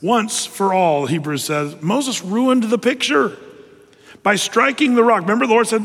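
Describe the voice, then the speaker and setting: A man preaching a sermon, telling the story lively with acted asides. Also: high-pitched, unhurried, in a large hall.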